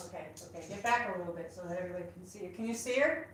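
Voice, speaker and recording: Talking fast in a fairly low voice, a livestream host chats casually with her viewers from a room at home while coaxing her dog. The low-quality recording sounds roomy, with a little hiss or hum.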